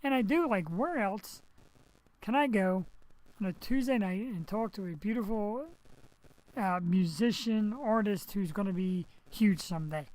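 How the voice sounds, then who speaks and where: A man's voice: high voice, unhurried, a little mellow, low-quality recording. A man hosting a live web show from home, chatting casually and rambling through jokey asides while recovering from surgery, on a headset mic. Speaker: host. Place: home setup, streaming.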